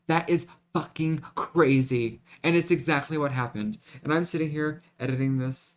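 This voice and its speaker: A man's voice: a little high, moderate pace, hardly any pauses. Fiery, dramatic young man venting. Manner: dramatic, profane and repetitive, with frequent restarts. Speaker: vlogger. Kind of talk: emotional confessional vlog.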